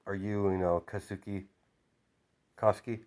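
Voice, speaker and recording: A cocky, tough teenage schoolgirl who rules the school and talks bluntly, as a man puts her on in his own low voice. Her lines come out casual and full of fillers. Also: fairly even intonation, measured pace, darkish tone, lightly acted.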